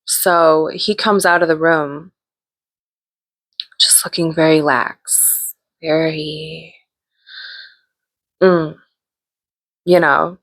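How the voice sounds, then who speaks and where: A woman's voice: low-pitched, fairly even intonation, very slow, pauses often, a bit bright, no room sound. A woman hosting a podcast, casually telling a story, laughing often and acting out what people said. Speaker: podcast host.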